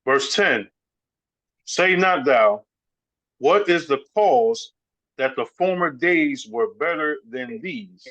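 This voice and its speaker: A man reading Bible verses aloud in a measured way during a sermon. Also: on the high side, lively intonation, bright, forceful tone. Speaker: scripture reader. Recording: dull lo-fi recording.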